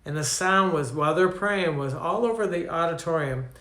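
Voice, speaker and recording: A fairly high-pitched, somewhat bright voice at a moderate pace belongs to an older Canadian preacher in an echoey room. Conversational and anecdotal, his teaching sermon keeps turning questions to the listeners.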